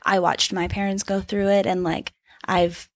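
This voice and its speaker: A woman's voice: mid-range voice, flat delivery, unhurried, dry recording. A woman co-hosts a casual podcast chat in a dry, close-sounding recording. She talks freely with playful asides and frequent laughter. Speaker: podcast co-host.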